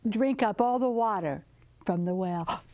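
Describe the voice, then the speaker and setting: A woman storyteller and author telling a folktale in a rhythmic, drawn-out way, dropping into dramatic whispers. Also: mid-range voice, darkish tone.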